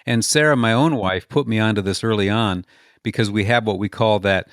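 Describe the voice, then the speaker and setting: Fairly low-pitched and fairly quick, this man is captured in a dry, clean studio recording. As an interview guest, the author and speaker answers conversationally and earnestly, telling stories, acting out quotes, and repeating words to build his points.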